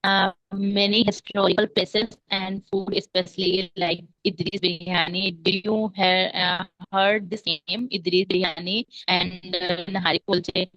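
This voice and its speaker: A woman's voice: fairly low pitch, level tone, unhurried, hardly any pauses, a bit bright, no echo, dull audio. A woman learning English, chatting eagerly in an online class with frequent fillers. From India. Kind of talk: English speaking practice. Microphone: online class audio.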